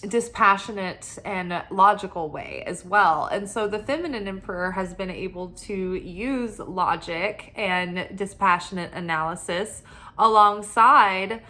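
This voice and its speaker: A woman's voice: medium pitch, fairly bright tone. A woman giving a spiritual tarot reading, talking in a rambling, earnest way with many fillers. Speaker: tarot reader. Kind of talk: spiritual guidance talk.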